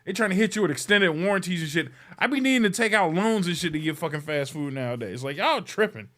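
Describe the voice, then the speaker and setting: Animated, profane man ranting. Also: sits high, fast. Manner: profane, exasperated, animated complaining. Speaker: podcast host. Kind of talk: casual comedic rant.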